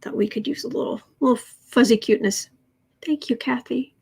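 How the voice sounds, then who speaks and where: A woman chats through her daily tarot livestream from home in a relaxed, meandering way, circling back and restarting her sentences. Her voice sits a touch high for a woman. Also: normal speed, vocal fry, slightly rough. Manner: rambling, with frequent restarts and fillers. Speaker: tarot reader and livestream host. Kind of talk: casual livestream chat.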